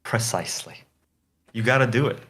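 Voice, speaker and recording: A man's voice: medium pitch, normal speed, a bit bright. A man chatting casually, rambling with lots of filler words and swearing freely. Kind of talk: casual chat.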